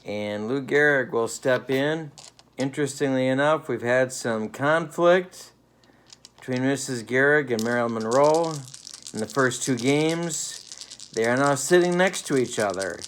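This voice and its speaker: A man's fairly bright, mid-range voice carries dry, playful broadcaster patter as he does mock radio play-by-play of a tabletop baseball game. Slight background noise comes through from his home living room.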